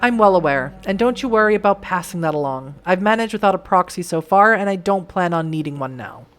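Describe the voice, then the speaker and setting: A hoarse woman playing an abrasive young male vampire, curt and clipped. The voice stays quiet and a little lower than her usual talk, with a lively pitch. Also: a little fast, natural voice.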